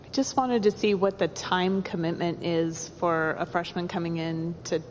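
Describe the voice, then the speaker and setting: A woman's voice: lowish voice, steady tone, moderate pace, slight background noise. A woman in the audience asking a question. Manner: inquiring.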